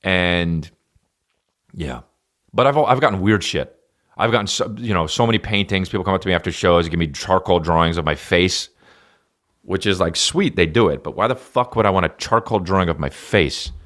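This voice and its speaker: Deep-voiced man ranting profanely. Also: normal speed. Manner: profane, rambling comic riffing with sudden loud jumps. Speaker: podcast host and stand-up comedian. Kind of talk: casual solo podcast rant.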